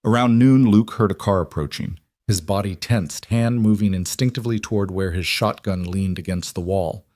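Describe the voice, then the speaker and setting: A man narrating a scripted story in an even, measured way. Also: fairly low pitch, no room sound, clean studio sound.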